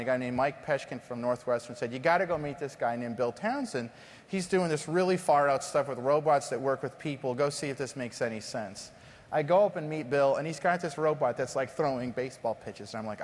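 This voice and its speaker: Middle-aged guy on a conference stage, lively storyteller, big hall reverb. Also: medium pitch, fairly quick. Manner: animated storyteller, acts out dialogue. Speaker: company founder, guest. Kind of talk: onstage interview. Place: conference stage before an audience.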